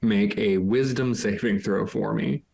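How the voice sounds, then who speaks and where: Deep gravelly guy running a d&d game, slow, lots of ums. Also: mellow. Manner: hesitant, many ums and restarts. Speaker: game master. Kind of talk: narrating a tabletop game.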